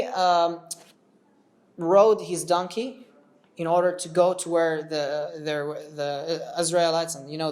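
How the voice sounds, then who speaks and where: Male teacher, casual storytelling lesson; conversational, wanders off topic, checks in often. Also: sits high. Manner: conversational, digressive, checks in with the listener. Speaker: teacher of religious stories.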